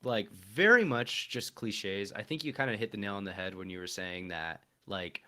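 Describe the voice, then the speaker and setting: A man's voice: on the low side, normal speed. Guy on a podcast going off about bad voice acting, exasperated, lots of "like". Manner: animated, exasperated critic with frequent "like" fillers. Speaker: podcast co-host. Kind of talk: casual chat about a video game.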